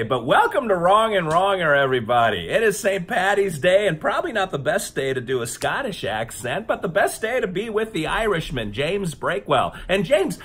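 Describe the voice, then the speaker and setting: Brief: bright, lively male co-host, a little buzzed, laughing through casual banter. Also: fairly high pitch, breathy edge. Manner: animated, laughing, tipsy. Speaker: podcast co-host.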